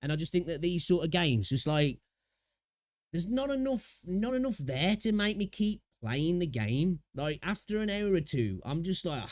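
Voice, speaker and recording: A man talks his way through a casual live stream, circling back and repeating himself as he thinks. His voice sits a bit high, and the sound is dry and close to the mic. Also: sing-song, moderate pace, darkish tone, no echo. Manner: rambling, with many restarts and repeated words. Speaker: livestream host reacting to videos.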